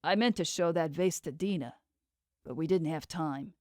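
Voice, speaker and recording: A woman's voice: sits low, normal speed, darkish tone, no echo, studio quality, lightly acted. A woman voicing a brooding male time-traveling professor in an audiobook, speaking in an earnest, troubled way.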